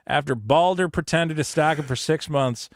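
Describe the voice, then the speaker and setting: A man co-hosting a casual comedy podcast, reading super chats aloud and telling stories loudly with put-on panicked voices. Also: fairly high pitch, normal speed, no room sound, studio quality. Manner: loud, animated storytelling with put-on panicked voices.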